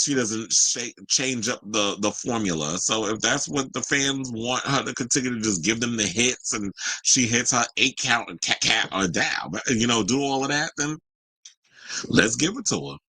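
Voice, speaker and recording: A man's voice: medium pitch, expressive, normal speed, pushed and bright, no room sound, rough recording. A man hosting a celebrity news show, reading stories and breaking off into loose, sarcastic, joking asides in casual slang.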